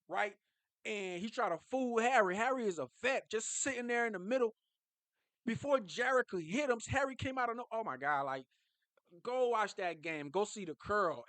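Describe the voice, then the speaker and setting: A man talking casually and excitably as a football fan vlogger, jumping from low mutters to high yelps. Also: no echo. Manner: animated, excitable, swings from low mumbling to high shouts.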